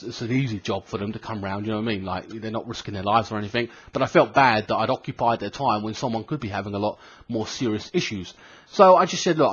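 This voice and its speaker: A man's voice: medium pitch, a bit bright, slightly rough. Sweary British man rambling through a story. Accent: British English. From Britain. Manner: rambling, swears a lot, many fillers and restarts. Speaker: gaming vlogger. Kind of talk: casual storytelling vlog. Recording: dull lo-fi home recording.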